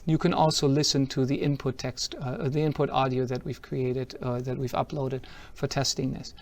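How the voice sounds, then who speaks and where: A man's voice: mid-range voice, steady tone, moderate pace. A man giving a product demo talk at a tech conference. He is upbeat and explains each step as he shows it. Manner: upbeat, explanatory, walks through steps as he shows them.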